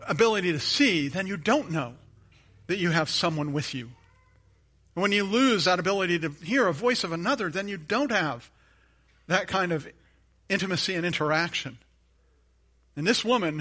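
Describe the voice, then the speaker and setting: A male pastor preaching a sermon, telling a personal story earnestly, repeating phrases for emphasis and dropping to a hushed tone on key points. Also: sits high, slightly rough.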